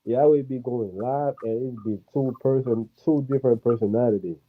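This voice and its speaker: A man in a casual reflective chat, speaking in a relaxed way and leaning heavily on "you know" fillers. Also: medium pitch, moderate pace. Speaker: panel guest. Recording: muffled lo-fi with faint noise.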